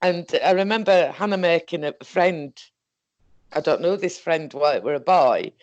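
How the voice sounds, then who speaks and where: A woman with a Northern English accent telling a personal story in a halting, rambling way, correcting herself and restarting as she goes. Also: fairly low pitch, lively intonation, lo-fi sound. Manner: halting, self-correcting, full of fillers and restarts. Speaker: guest recounting a paranormal experience.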